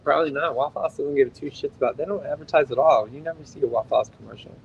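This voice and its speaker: A fairly high-voiced middle-aged man chatting on a podcast. He rambles through stories, swears freely and leans on filler words, the talk loose and unscripted. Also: rapid-fire, creaky, muffled recording, slight background noise. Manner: rambling, profane, heavy on "like" fillers. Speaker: podcast co-host. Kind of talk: casual podcast chat.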